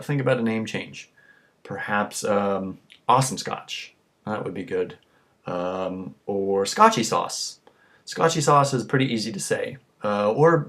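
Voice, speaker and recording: A man's voice: on the low side, fairly bright tone. A tipsy man talking to camera in a rambling, crude rant full of swearing. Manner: crude, ranting, swears constantly. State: tipsy from drinking. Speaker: vlogger. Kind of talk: rambling profane monologue to camera.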